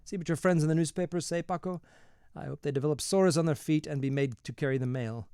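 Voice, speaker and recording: A fat, gruff middle-aged bullfight manager, as a male reader puts him on grumbles and puffs between words. The recording is dry and close. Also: a little high, fast, mellow, no room sound, voice pushed up, lightly acted. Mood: grumbling. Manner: puffing, grumbling.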